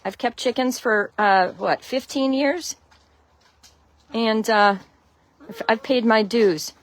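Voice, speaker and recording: A woman's voice: on the high side, slow. A woman from Connecticut with a Connecticut accent chats loosely through a phone livestream outdoors in her snowy chicken run. She greets her viewers one by one and laughs easily. She is a friendly, rambling host who keeps the talk going as she walks. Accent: Connecticut (American). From Connecticut, USA. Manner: chatty, greets viewers by name, laughs often. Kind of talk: casual live stream chat.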